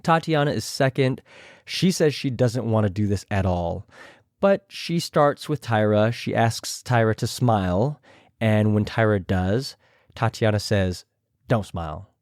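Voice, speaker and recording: A man's voice: lively intonation, unhurried, a little mellow, no room sound, studio quality. A young man hosting a podcast, casually recapping a reality show and sometimes imitating the people he quotes. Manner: chatty, mimics others in a higher voice.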